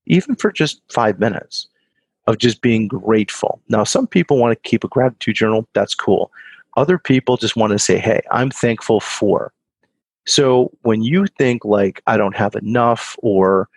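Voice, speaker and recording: A man's voice: medium pitch, animated, normal speed, a little mellow, husky, dry recording, poor audio. A man giving an earnest motivational talk to an audience he calls guys, repeating phrases for emphasis. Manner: earnest, repetitive, addresses listeners as guys.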